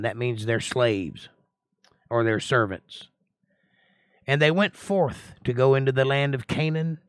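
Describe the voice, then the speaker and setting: A man's voice: medium pitch, no room sound, studio quality. A man leading a casual livestream Bible study in a folksy, chatty way, reading scripture aloud, explaining it, and greeting viewers by name. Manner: reads scripture aloud and comments on it.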